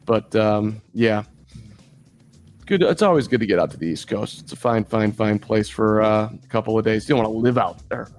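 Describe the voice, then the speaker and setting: A man's voice: lowish voice, moderate pace, darkish tone, faint music behind. A man from Chicago co-hosting a podcast in casual sports chat, joking and rambling through asides. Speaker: podcast co-host.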